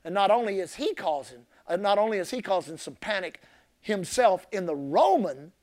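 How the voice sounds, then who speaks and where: A man preaches a sermon as a pastor, impassioned and repeating his key phrases, swinging between shouted emphasis and soft, low asides. His intonation is lively and his pace moderate.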